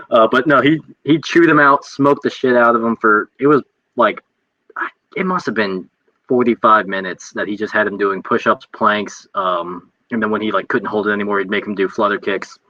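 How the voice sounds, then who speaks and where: A man who is a military veteran, telling a story in casual chat and acting out the shouted lines he quotes. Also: on the low side, moderate pace, no echo. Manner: animated, acts out quoted shouts. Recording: dull lo-fi audio.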